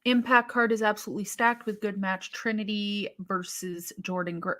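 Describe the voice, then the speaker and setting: A woman's voice: mid-range voice, fairly even intonation, normal speed, fairly bright tone. A woman co-hosting a wrestling live stream, chatting casually and thinking aloud with sighs and restarts as she reacts to viewer comments.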